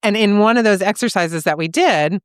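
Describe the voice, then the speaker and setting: A therapist in her thirties who co-hosts a podcast earnestly shares a personal story in a reflective, conversational way, often checking in with "right?". Her medium-pitched voice is smooth and moves at normal speed, recorded in studio quality with no room sound.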